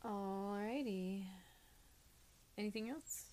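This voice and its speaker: A woman's voice: mid-range voice, takes it slowly, mellow. A woman co-hosting a casual podcast and reading out listener mail. She is playful and teasing, laughs often, and has a cough that leaves her short of breath. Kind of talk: casual chat.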